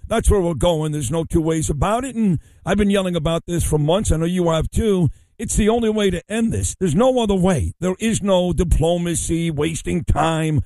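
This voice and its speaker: A talk radio host, a man with a mellow, dark voice and slightly high pitch, recorded dry. He speaks bluntly and emphatically, brushing off objections. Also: no echo. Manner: blunt, emphatic, plain-spoken. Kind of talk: opinionated talk radio interview.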